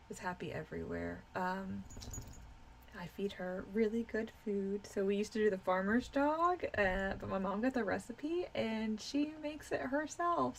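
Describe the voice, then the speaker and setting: Woman, live streamer, tired, gravelly fry, rambling casual chat, fillers, at home. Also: mid-range voice, slight background noise. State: tired, yawning.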